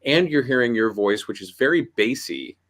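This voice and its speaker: A man talking on a video call, giving emphatic, punchy coaching advice in an animated panel chat. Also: mid-range voice, normal speed. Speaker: voiceover artist and audiobook coach.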